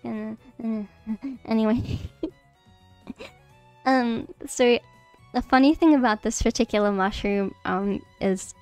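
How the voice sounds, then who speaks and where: Speaking slowly with long pauses, this woman has a slightly high, darkish voice. In her casual livestream on mycology, with faint music in the background, she's giggly and nervous, wandering off track with many fillers and restarts.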